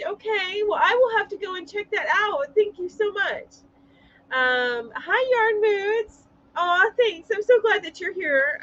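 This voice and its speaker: High-voiced chatty woman hosting a live stream. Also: a bit bright, muffled recording. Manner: chatty, greets viewers, laughs often. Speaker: livestream host. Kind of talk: casual live chat.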